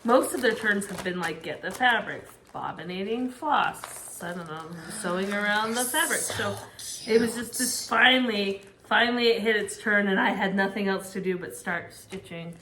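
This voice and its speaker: A woman's voice: medium pitch, normal speed, pushed and bright. A woman co-hosting a stitching show, chatting casually in a self-deprecating way and laughing at herself. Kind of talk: casual chat. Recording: echoey room, faint noise.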